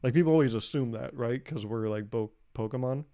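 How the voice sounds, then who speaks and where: Pikachu, the little electric creature, talks like any candid office guy as a man voices him. He chats on in a plain, rambling way with a mellow, warm tone. It sounds like a comedy podcast bit. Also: medium pitch, fairly quick, close to an everyday voice. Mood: matter-of-fact. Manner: plain everyday voice, chatty, rambling. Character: Pikachu as an articulate, candid male office worker.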